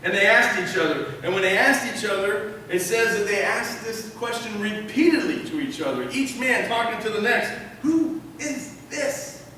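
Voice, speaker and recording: A man's voice: sits high, lively intonation, moderate pace, few pauses, bright, forceful tone, slight background noise. A male pastor preaching a sermon, emphatic and repeating key phrases while asking the congregation questions. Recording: echoey hall from far off.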